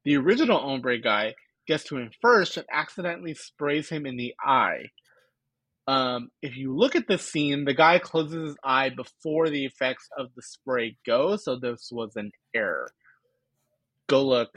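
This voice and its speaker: A man's voice: mid-range voice, lively intonation, a little slow, fairly bright tone, no echo. A man co-hosting a podcast, casually recapping episode scenes and laughing as he quotes the characters. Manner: retells scenes with quoted lines, laughs often. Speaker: podcast co-host.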